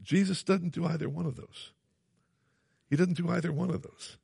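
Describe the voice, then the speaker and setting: A man's voice: on the high side, fairly even intonation, moderate pace, vocal fry, a little mellow, slightly rough, no echo, studio quality. A man preaching a sermon, earnest and emphatic, repeating phrases and asking his listeners questions.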